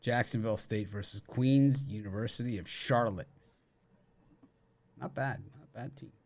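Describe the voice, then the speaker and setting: A man with a lowish voice hosts a sports betting show at a normal speed, rattling off college matchups. He jokes his way through the casual chat, dropping dry wisecracks between games.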